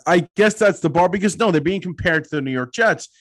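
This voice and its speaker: A man's voice: sits high, expressive, brisk. A man co-hosting a sports podcast, talking bluntly and laid-back, saying he is tired. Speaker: podcast co-host. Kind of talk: casual sports chat.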